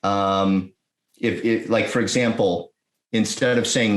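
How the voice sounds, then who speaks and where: A man guest on a podcast explains emergency procedures, speaking in quick bursts with restarts. His voice sits low, and the recording has a noticeable roomy echo. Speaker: guest, EMS fire chief. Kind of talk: conversational podcast interview.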